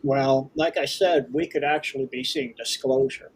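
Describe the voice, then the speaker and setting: Gravelly-voiced male guest. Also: a little high, normal speed, slight background noise, poor audio. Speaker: interview guest. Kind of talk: casual interview chat.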